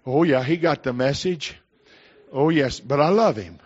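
A man's voice: on the high side, unhurried, breathy edge. An older male pastor delivers a sermon in a folksy, storytelling way. He swells into emphatic declarations between anecdotes. The recording is slightly dull and muffled.

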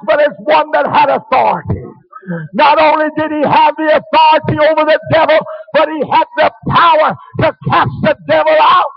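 A male preacher delivering a fervent sermon, shouting many phrases and breaking into hallelujahs. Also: very high-pitched, gravelly. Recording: dull lo-fi recording.

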